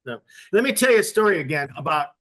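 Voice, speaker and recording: Male panelist, bright and a bit high, talking through a long explanation. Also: very animated, fast. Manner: explains at length through a story. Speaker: podcast panelist. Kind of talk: casual panel discussion.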